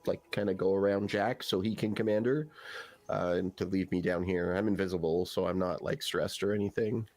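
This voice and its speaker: A man's voice: sits low, steady tone, a little fast, darkish tone. A man playing a tabletop game, plainly stating what his character does. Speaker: player. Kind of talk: casual tabletop play.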